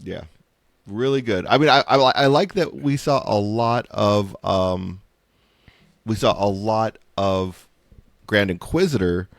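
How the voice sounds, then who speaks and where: A man co-hosting a casual gaming podcast, talking in a laid-back, halting way with frequent restarts. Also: lowish voice, vocal fry. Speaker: podcast co-host. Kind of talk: casual chat.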